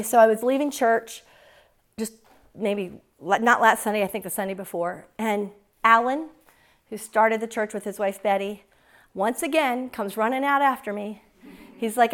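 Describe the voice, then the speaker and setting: A woman preacher, telling a tearful personal story and then praying fervently over her congregation in a church. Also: a little high. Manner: earnest, tearful, rising to fervent prayer. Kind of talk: emotional sermon and closing prayer.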